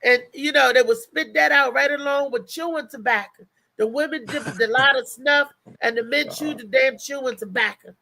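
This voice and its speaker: This woman co-hosts a laid-back livestream, spinning stories with animation, repeated restarts, and plenty of laughs. Her high-pitched voice has a gravelly edge, and her pace is moderate.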